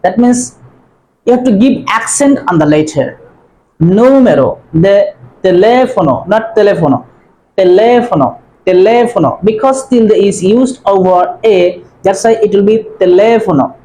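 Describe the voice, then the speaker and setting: Woman teacher, slow and deliberate, repeats each phrase, mid-pitched voice. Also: mellow, a little hiss or hum, rough recording. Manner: repeats phrases slowly, drawing out words. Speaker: language teacher. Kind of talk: slow spoken language lesson.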